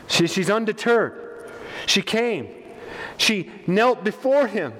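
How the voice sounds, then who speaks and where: A man's voice: high-pitched, big pitch swings, slow, a bit bright, slight background noise. A man preaching a sermon in a church hall, emphatic and passionate, with frequent stammering restarts. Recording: long church hall reverb.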